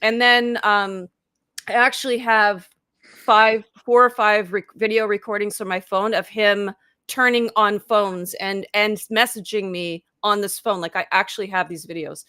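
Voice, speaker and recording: A woman's voice: mid-range voice, fairly even intonation, a little slow, bright, forceful tone, smooth, dry recording, clean studio sound. A woman in her fifties, a life coach, telling her story in a casual live interview over a video call, talking chattily with lots of "like" and acting out her own past thoughts. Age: 50s.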